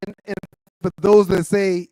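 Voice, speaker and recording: A man co-hosting a casual sports talk show, chiming in with quick agreement and stumbling restarts. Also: sits high, level tone, mellow, dry recording.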